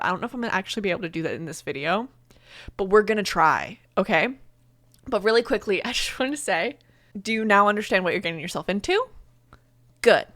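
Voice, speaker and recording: A woman's voice: medium pitch, a bit bright, no echo. A young woman reading a fan story aloud, with sarcastic, playful asides. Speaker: YouTuber. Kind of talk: reading a fanfic aloud with comedic commentary.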